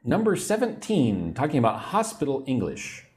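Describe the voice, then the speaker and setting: An American man giving a livestream English lesson, repeating phrases clearly and greeting viewers by name. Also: mid-range voice, huge pitch swings, moderate pace, darkish tone. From United States. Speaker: English teacher.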